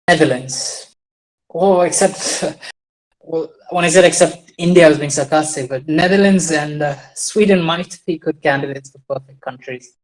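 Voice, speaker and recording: Speaking at a moderate pace with a somewhat high voice, this man comments on farming trends in a digressive, casual monologue while his screen is shared. The audio quality is low, and he keeps restarting and making dry jokes at his own expense.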